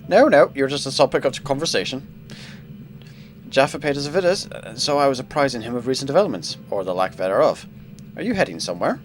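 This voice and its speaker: A man's voice: medium pitch, animated, a little fast, slight background noise, natural voice. A man reading a courteous noble lord's lines in a put-on Scottish accent, with formal old-fashioned phrasing.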